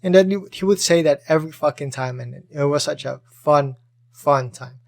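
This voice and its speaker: A man hosting a casual podcast, reading out Reddit posts and reacting to them with chatty, animated commentary full of swearing. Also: fairly high pitch, normal speed, creaky. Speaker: podcast host.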